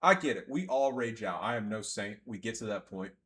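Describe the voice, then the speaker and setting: A young man giving sarcastic, ranting gameplay commentary, jumping from yelling outbursts to low mumbling. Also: expressive, a little fast.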